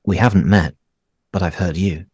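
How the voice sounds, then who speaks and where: A man voicing the calm, approving female principal of an elite conservatory in a tabletop role-play. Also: low voice, moderate pace, breathy edge, no room sound, studio quality. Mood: probing.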